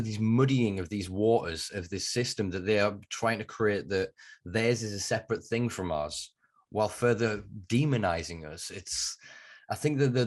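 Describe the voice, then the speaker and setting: A passionate podcast host with a Northern English accent and a lowish voice. He argues emphatically and swears freely in casual conversation.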